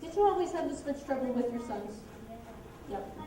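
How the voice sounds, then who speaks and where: A woman teaching children, narrating a Bible story and directing kids through a skit in a lively, brisk way. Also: high-pitched, crowd noise. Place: church room with children. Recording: echoey room, distant mic.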